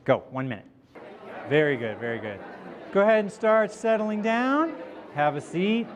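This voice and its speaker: A man giving a live motivational talk to an audience, animated and interactive, slowing down to stress key points. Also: high voice, some chatter behind. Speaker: motivational speaker. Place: event room before a live audience.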